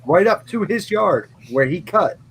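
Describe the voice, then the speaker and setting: A man's voice: high voice, lively intonation, unhurried, a crowd in the background, rough recording. Blunt, profane man telling a story. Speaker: lawn mowing business owner. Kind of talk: casual podcast chat.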